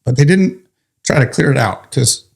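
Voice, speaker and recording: A firefighter recounts a story as an interview guest in a creaky, mid-range male voice at a moderate pace. His telling is animated, with laughter at the funny moments and casual profanity.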